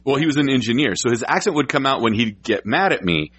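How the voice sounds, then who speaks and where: A man from the United States hosting an interview, easygoing and agreeable, asking questions in a relaxed chat. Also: medium pitch, quick pace, highs cut off, a crowd in the background. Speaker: interview host.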